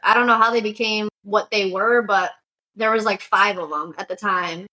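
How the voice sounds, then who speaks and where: Bright-voiced chatty young woman. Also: medium pitch, fairly even intonation, normal speed, low-quality recording. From Syracuse, New York. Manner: chatty, frequent "like" fillers, storytelling. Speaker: guest, shoe customizer and business owner. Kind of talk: casual interview conversation.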